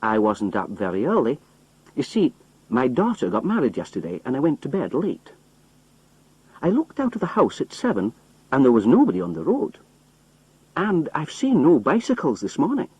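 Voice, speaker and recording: A man's voice: mid-range voice, huge pitch swings, moderate pace, a little mellow, slightly rough, voice pushed up, rough recording. A man faking a strong Scottish roadman voice. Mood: folksy.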